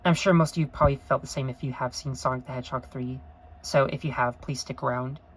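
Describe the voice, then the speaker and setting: A woman's voice: very deep voice, steady tone, quick pace, slightly rough, rough recording. A woman talking to camera in an unscripted review vlog, earnest and rambling, gushing with emotion and often apologizing. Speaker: vlogger.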